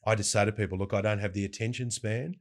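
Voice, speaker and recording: A middle-aged Australian man, a radio host, telling lively stories in an interview and mimicking the people he quotes. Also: fairly low pitch, fast. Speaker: breakfast radio host, guest. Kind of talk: casual storytelling interview.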